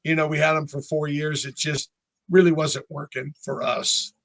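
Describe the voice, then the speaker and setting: Older guy from north carolina, 60s, tells band stories and does little voices, pretty high voice. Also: normal speed, dry recording. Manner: animated storyteller who acts out voices. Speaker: band member guest. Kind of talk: casual interview chat.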